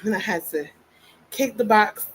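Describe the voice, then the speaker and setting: A woman's voice: medium pitch, expressive, measured pace, slightly rough, poor audio. A woman vlogging casually, out of breath and venting bluntly with profanity. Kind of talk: casual personal vlog.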